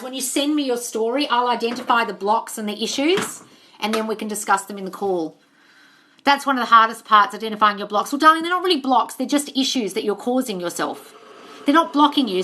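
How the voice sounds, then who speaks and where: Running a casual live Q&A from home, an Australian manifestation coach reads comments aloud and replies frankly, swearing readily and calling everyone darling. Her bright, forceful voice is fairly high in pitch. It sounds like she's talking into a phone on a live stream, with slight background noise.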